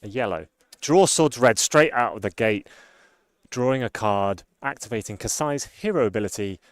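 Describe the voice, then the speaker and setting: A man giving steady, upbeat play-by-play commentary on a live card game tournament. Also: lowish voice, normal speed, dry recording, clean studio sound.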